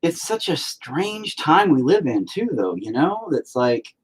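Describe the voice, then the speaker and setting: A man's voice: fairly high pitch, big pitch swings, measured pace, hardly any pauses, breathy edge. An American man who hosts his own channel rants casually and profanely while painting, with sarcastic asides. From United States. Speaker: channel host.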